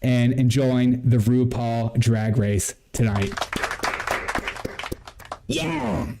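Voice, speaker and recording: A man's voice: medium pitch, normal speed, crowd noise, background noise. A man hosting a comedy livestream, talking to viewers in a mocking, laughing, chatty way. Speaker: livestream host. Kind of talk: sarcastic comedy livestream commentary.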